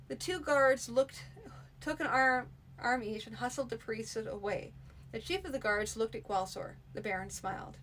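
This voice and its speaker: A woman reading a fantasy manuscript aloud in a steady, unpolished live-streamed reading. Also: on the high side, moderate pace, a little hiss or hum, poor audio. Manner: steady reading with frequent restarts. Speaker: narrator.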